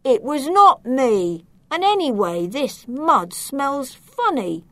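A muddy, aggrieved little pig from a children's storybook, voiced by a woman. He grumbles in a high, bouncy voice that swoops up and down, and he takes his time. The recording is dry and close. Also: very animated, takes it slowly, a bit bright, no room sound, full character voice. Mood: protesting. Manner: grumbling and protesting. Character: muddy grumbling male pig, hard done by. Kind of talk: storybook character voice.

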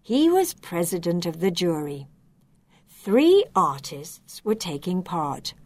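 A woman reading a children's story aloud, slow, expressive and clearly enunciated. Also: lowish voice.

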